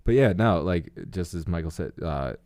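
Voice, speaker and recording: A young adult man co-hosting a podcast, recapping a film in an animated way and laughing often. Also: sits low, normal speed, no room sound, clean studio sound. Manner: animated, laughs, does goofy voices. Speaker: podcast co-host. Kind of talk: casual film discussion.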